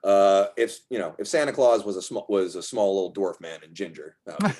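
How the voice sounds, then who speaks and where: A man's voice: low-pitched, fairly quick, a little mellow. A man narrating a tabletop game as game master, hesitating and restarting often. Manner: hesitant, many fillers and restarts.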